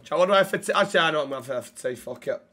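A man's voice: on the high side, lively intonation, very fast, bright, forceful tone. A British man streaming a roleplay game, chatting brashly with viewers and swearing freely. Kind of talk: casual live-stream chat and in-character roleplay.

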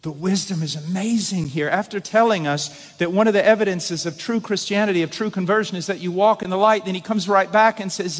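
A middle-aged man preaching a sermon in a church, swinging between loud urgent emphasis and quiet intensity. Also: sits high, a little fast. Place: church sanctuary. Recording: long reverb of a large hall.

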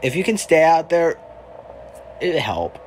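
A man's voice: on the high side, very animated, a little slow, a little hiss or hum. A man giving casual gaming commentary, reacting with dry sarcastic remarks. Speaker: gamer.

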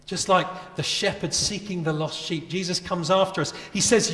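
A man's voice: sits high, steady tone, normal speed, pushed and bright. A man preaching a sermon as a pastor, earnest and conversational, asking his listeners many rhetorical questions. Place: church. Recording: echoey church with long reverb.

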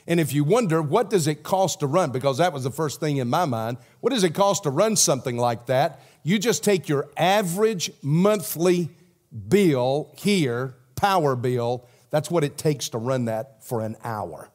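A man with a Southern accent preaching a sermon as pastor, swinging from loud emphasis to a hushed prayer. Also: a little high, animated, normal speed. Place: church sanctuary.

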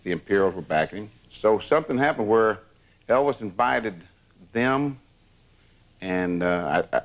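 An older man with a low voice, interviewed about the past. He tells his stories plainly and matter-of-factly. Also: animated, unhurried. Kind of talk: recounting stories.

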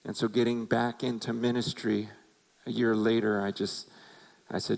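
A man's voice: on the low side, level tone, moderate pace, gravelly, low-quality recording. A middle-aged male pastor giving an earnest, confessional testimony that builds to emotional intensity. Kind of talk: personal testimony sermon.

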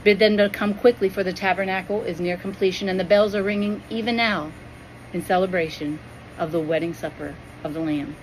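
A woman's voice: medium pitch, steady tone, a little fast, slight background noise, lightly acted, low-quality recording. Woman voicing a grieving, tender God the Father. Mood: urgent, solemn. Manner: tender, solemn pleading.

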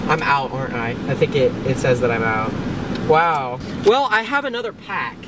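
A man's voice: fairly high pitch, very animated, normal speed. A man vlogging casually from a moving car, rambling, joking and swearing as he drives. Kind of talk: casual vlog while driving. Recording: road noise from a car.

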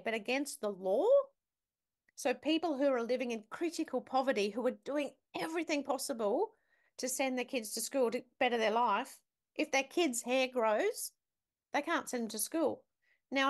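A woman, a guest on a talk show, telling a story vividly and emphatically and putting questions to the listener. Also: high voice. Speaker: podcast guest, business academic. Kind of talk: storytelling in conversation.

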